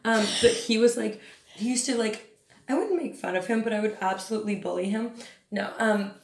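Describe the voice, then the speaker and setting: A woman's voice: fairly high pitch, a little fast, slight background noise. A woman in her twenties co-hosting a podcast, with a wry, joking, teasing manner. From United States. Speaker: podcast co-host. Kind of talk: casual chat. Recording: roomy echo.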